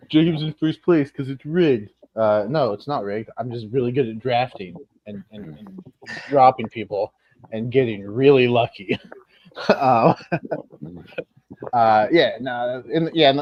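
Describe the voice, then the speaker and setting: A man hosting a casual podcast chat, rambling and correcting himself as he goes, with quick laughs at himself. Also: mid-range voice, no echo. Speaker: podcast host. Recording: dull lo-fi sound.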